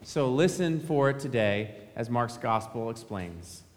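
A man's voice: mid-range voice, expressive, a little slow. Preaching man in a reverberant church. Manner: conversational preaching with rhetorical questions. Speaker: pastor. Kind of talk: sermon. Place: church sanctuary.

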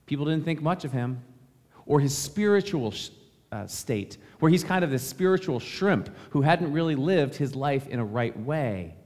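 A man's voice: on the high side, expressive, normal speed, darkish tone. A man pastor giving a conversational, friendly sermon in a church sanctuary. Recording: reverberant church hall.

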